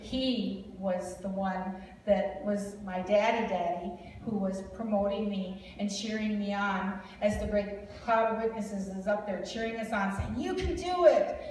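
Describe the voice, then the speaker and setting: A woman's voice: mid-range voice, level tone, a little slow, a little mellow, slight background noise. Chatty, laughing woman in an echoey hall. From Wisconsin, USA. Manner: chatty, laughs often, rambling asides. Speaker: guest speaker prophesying over a family. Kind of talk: informal prophetic ministry talk. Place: large hall. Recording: echoey hall recording from far off.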